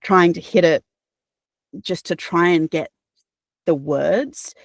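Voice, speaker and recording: An Australian woman with a slightly low voice speaks earnestly as an interview guest. She thinks aloud, restarting sentences and filling pauses. The sound is dry and close, with no room echo. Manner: reflective, earnest, many fillers and restarts, occasional laughs. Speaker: guest, audiobook narrator and voice actor. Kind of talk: casual interview chat.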